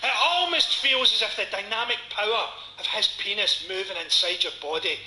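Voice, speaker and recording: A Scottish man in his forties doing a stand-up comedy set, with a dry, sardonic delivery and dark punchlines. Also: high voice, normal speed. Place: comedy venue before a live audience. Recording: echoey venue with audience noise.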